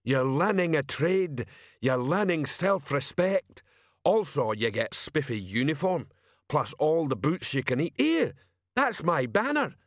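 A dim but eager troll sergeant, as a male audiobook narrator puts him on, bellowing clumsy recruiting lines in a strained, high voice. He drags every word out slowly, recorded dry and close. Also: very animated, dry recording. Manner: slow, plodding, ungrammatical barking.

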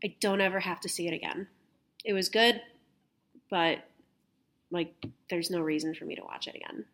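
Animated young woman telling stories. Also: on the low side, moderate pace. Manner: animated storytelling, laughs often, swears casually. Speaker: podcast host. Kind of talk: casual chat.

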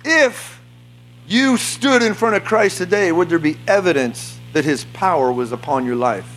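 High-voiced fervent preacher man. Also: animated, normal speed, slight background noise. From United States. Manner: fervent, shouting bursts, frequent laughter. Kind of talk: charismatic sermon. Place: church meeting before a congregation.

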